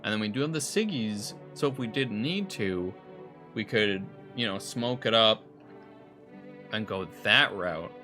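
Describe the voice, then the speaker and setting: A man's voice: on the low side, animated, a little slow, sharp tone, soft background music. A young man casually rambling and swearing while playing a horror game. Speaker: streamer. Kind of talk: casual gameplay commentary.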